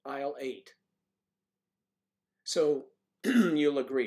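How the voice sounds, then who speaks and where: A man's voice: mid-range voice, animated, moderate pace, long pauses, darkish tone. A man hosting a casual livestream, musing aloud and joking as he reads out viewer comments. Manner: rambling, joking. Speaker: livestream host.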